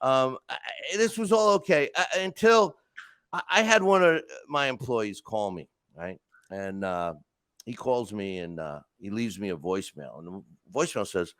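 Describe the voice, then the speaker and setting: A man hosting a podcast, talking through casual stories and rants in an animated way with lots of restarts. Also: fairly low pitch, moderate pace, no echo. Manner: animated storytelling, frequent restarts and asides. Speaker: podcast host. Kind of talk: casual monologue.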